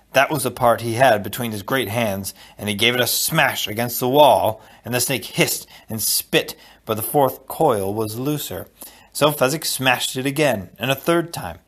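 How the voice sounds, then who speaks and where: Male audiobook narrator, expressive storytelling, middle pitch. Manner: expressive storytelling, dropping low for asides. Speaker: audiobook reader.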